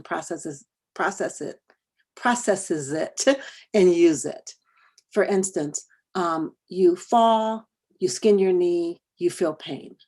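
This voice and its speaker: Middle-aged woman workshop presenter, husky and fairly low, chatty storytelling to parents. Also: a little mellow. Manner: conversational, repeats words while telling a personal story. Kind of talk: storytelling talk to parents and educators.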